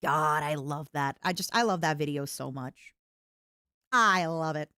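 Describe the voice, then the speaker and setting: A woman streamer chatting casually with her viewers, rambling and animated, often restarting her sentences. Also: deep voice, unhurried, clear, resonant tone, dry recording, clean studio sound. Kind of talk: casual livestream chat.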